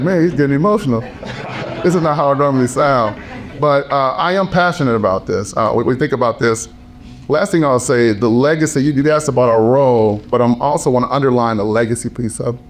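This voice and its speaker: Male panel speaker, hoarse from a lost voice, emphatic and driven, mid-range pitch. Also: brisk, a little hiss or hum. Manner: passionate, emphatic, repetitive phrasing. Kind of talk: panel talk.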